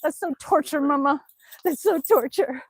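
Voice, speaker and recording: Brief: whiny, playful male dog begging not to be put outside, high voice, close and dry as his owner, a woman, puts him on. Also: normal speed, no echo. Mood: pleading.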